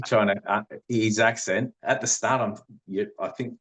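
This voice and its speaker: A man's voice: on the low side, normal speed, few pauses, fairly bright tone. A middle-aged man, telling his story as a podcast guest in an earnest, rambling way. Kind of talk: conversational interview.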